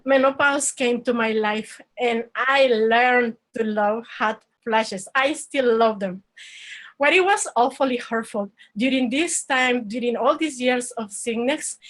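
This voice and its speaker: A woman. Her voice sits high, and she talks earnestly, stopping and restarting as she goes. She is heard over an online call. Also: fairly bright tone, low-quality recording. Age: 40s. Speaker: storyteller. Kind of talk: personal storytelling performance. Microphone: online video call.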